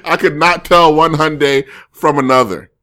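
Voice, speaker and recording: A man's voice: a little high, fairly even intonation, normal speed, sharp tone. A man streaming casually, reading viewer comments and rambling through jokes and self-corrections.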